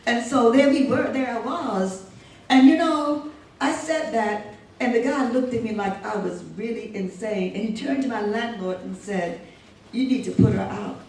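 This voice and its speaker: An older woman recounts her memories with lively energy and frequent laughter, her fairly high voice carrying through a reverberant hall. She sounds distant from the microphone, with faint room noise underneath. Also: normal speed. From United States. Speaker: poet being interviewed. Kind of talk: animated storytelling. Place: museum hall. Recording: echoey hall, distant mic.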